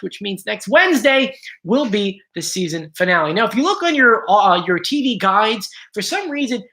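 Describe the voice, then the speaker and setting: A man's voice: high-pitched, pushed and bright. A man hosting a casual live stream from home, chatting and greeting viewers by name, his voice a little strained. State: slightly strained voice.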